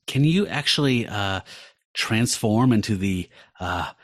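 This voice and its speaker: A man's voice: on the low side, animated, a little slow, no echo, studio quality. A man voicing a polite, formal male butler as he reads comic dialogue aloud. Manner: formal, courteous.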